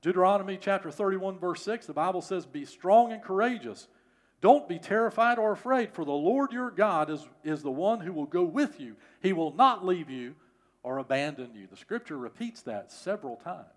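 Male pastor, middle-aged, sermon delivery; emphatic, repetitive, pitch a touch high. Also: lively intonation, normal speed. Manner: emphatic, repeats phrases for stress.

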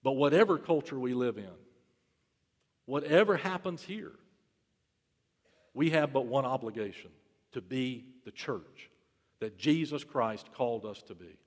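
A man preaching a sermon as pastor, building his points through repetition and swinging between loud emphasis and soft, low delivery. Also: a little slow, pauses often. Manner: rhetorical repetition, swelling and dropping in volume. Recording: long hall reverb.

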